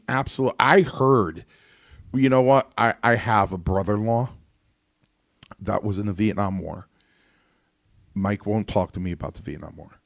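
A man with a fairly low voice, talking in a rambling, storytelling way with frequent restarts. The sound is dry and close. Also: vocal fry, no room sound. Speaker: host. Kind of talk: casual talk show conversation.

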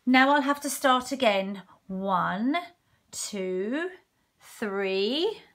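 A woman's voice: on the high side, expressive, extremely slow, fairly bright tone, exaggerated voice. A woman reading aloud, voicing a fussy male squirrel too busy counting his nuts.

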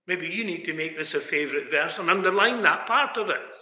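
A man's voice: on the high side, lively intonation, brisk, sharp tone. A man preaching a sermon in a chapel, emphatic, asking rhetorical questions and speaking straight to his listeners. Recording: echoey chapel with long reverb.

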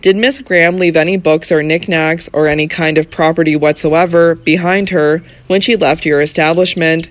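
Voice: mid-range voice, fairly even intonation, normal speed, few pauses, no room sound, natural voice. An audiobook narrator voicing a young male barrister who questions people politely and formally. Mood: probing.

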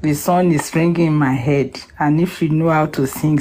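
Nigerian woman caller, emotional, low unhurried voice, mellow tone; sings partway. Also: fairly even intonation. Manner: emotional, sings a song in Yoruba. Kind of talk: emotional call-in speech with singing.

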